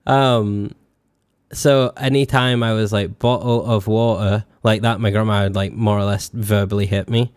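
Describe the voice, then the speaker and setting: A young VTuber from northern England chats casually on a live stream in a Yorkshire accent with a slight Scottish and posh mix. His low-leaning voice is smooth and fairly even at normal speed, in clean studio sound without echo. He rambles, swears, laughs often, and uses many fillers.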